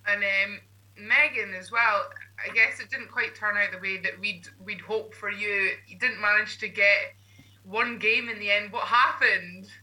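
A woman's voice: medium pitch, fairly even intonation, measured pace, bright, forceful tone, low-quality recording. A Scottish woman co-hosting a podcast, chatting casually with many ums and restarts. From Scotland. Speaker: podcast co-host.

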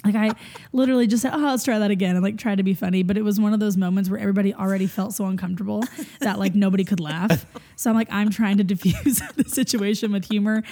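Young woman, worship leader, storytelling, animated, laughing, lots of fillers, mellow dark voice. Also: mid-range voice, quick pace. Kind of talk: storytelling in casual chat.

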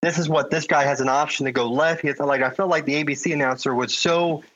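A man's voice: a little high, fairly even intonation, fast, fairly bright tone. A man sharing enthusiastic opinions about football broadcasts in casual chat. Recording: dull lo-fi sound.

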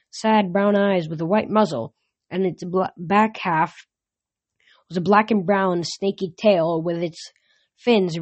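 A woman's voice: medium pitch, muffled recording. A woman reading a first-person novel aloud, unpolished, often restarting and correcting words. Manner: unpolished, frequent restarts and slips.

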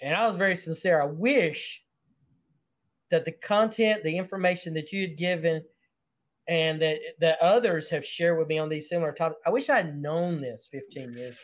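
Southern American man, higher-pitched host. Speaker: podcast host. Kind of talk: conversational interview.

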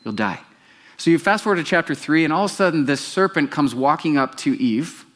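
A pastor preaching a sermon, telling the story with animation and putting questions to the congregation. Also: male voice, a little high, lively intonation, fairly quick, fairly bright tone.

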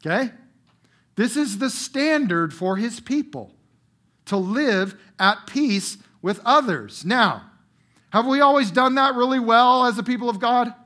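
A middle-aged man preaching a sermon to a congregation, swinging from loud emphatic bursts to quiet drawn-out phrases. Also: very high voice, lively intonation. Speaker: pastor. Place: church room before a congregation.

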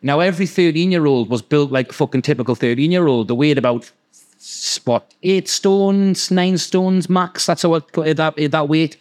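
A man's voice: a little high, darkish tone. A man with a Geordie accent telling rowdy, sweary stories in casual chat and acting out the people in them. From North East England. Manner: fast, sweary, laughing, acts out quoted voices. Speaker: podcast guest. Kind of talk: casual storytelling.

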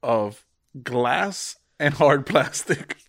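Animated joking young man, lively pitch. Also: drawn-out words, gravelly. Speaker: podcast co-host. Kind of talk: casual chat.

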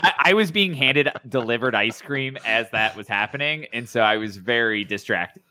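A man's voice: mid-range voice, lively intonation, normal speed, bright, forceful tone, dry recording. A man hosting a casual podcast chat, rambling and correcting himself, laughing often. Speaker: podcast host.

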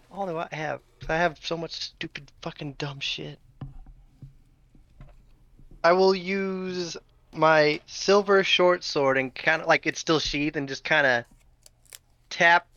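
A man playing a tabletop game in casual chat, joking and quick to protest, stammering when flustered. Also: a little high, sharp tone, smooth, no room sound, highs cut off. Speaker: player.

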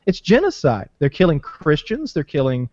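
Halting, deadpan young man, lo-fi. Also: on the high side. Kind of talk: casual chat.

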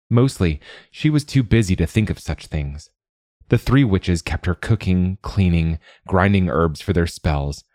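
A man reading a fairy tale aloud in a calm, even storytelling voice. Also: sits low, no room sound, studio quality. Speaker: narrator. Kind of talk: scripted storybook narration.

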